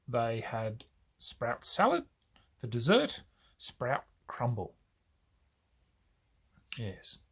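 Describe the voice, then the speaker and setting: An Australian man talking to camera in a casual vlog, hesitant and pausing often. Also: medium pitch. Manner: hesitant, with many pauses and fillers. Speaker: video creator.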